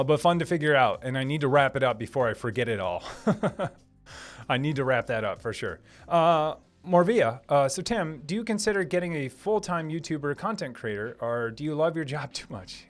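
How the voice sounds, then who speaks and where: A man with a Minnesota accent, a software engineer hosting a casual live stream and answering chat with eager, filler-heavy talk. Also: medium pitch. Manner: enthusiastic, lots of fillers and restarts.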